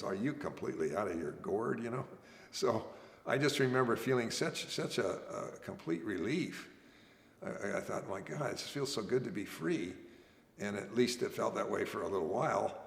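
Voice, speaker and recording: A man telling his own story as a veteran, earnest and halting, often restarting his sentences. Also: lowish voice, creaky. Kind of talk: oral history storytelling. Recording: echoey room with long reverb.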